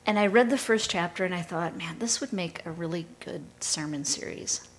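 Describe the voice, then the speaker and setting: A woman pastor preaching a sermon in a measured storytelling way. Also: on the low side, slight background noise, low-quality recording.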